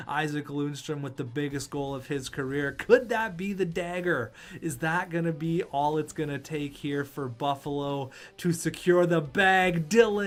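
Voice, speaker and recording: A young man commentating his own hockey video game with excitement, calling plays and urging the players on. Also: fairly high pitch. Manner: hype, shouting at players, play-by-play. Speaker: gaming video creator.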